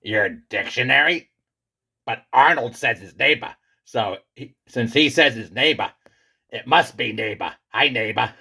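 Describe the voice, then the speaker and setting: Man playing a bragging pizza hero, gravelly and husky, bright edge, theatrical. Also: measured pace, exaggerated voice. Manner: booming, theatrical, insistent. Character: boastful male pizza character, self-styled great one. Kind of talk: comedy skit.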